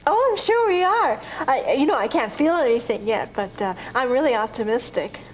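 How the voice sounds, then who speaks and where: A teasing, flirtatious patient. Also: female voice, high-pitched, expressive, normal speed, slight background noise, rough recording. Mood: flirty. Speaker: patient in physical therapy. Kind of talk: daytime TV drama acting.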